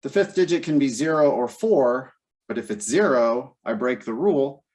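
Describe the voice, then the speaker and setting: A man's voice: medium pitch, lively intonation, moderate pace, darkish tone, husky. A man leading a live test-prep class, thinking aloud step by step in a casual way. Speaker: LSAT teacher.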